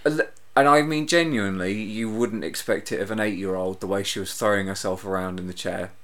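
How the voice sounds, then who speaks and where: A man's voice: on the low side, fairly quick, a bit bright. Dry grumbling man. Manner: dry, grumbling storyteller who mimics others. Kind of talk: casual comedic chat.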